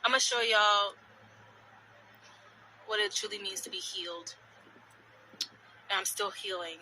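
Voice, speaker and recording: A woman speaking rawly about personal hurt, fighting back tears and shifting from quiet reflection to pained outbursts. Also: medium pitch, unhurried, long pauses, a little hiss or hum, low-quality recording. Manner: raw, confessional, swings from quiet to pained. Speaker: vlogger sharing a personal story. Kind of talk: emotional personal video.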